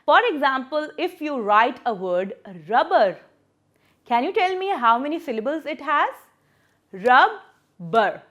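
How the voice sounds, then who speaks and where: A woman teaching a children's lesson, sounding out words slowly syllable by syllable. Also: high-pitched, expressive, fairly bright tone.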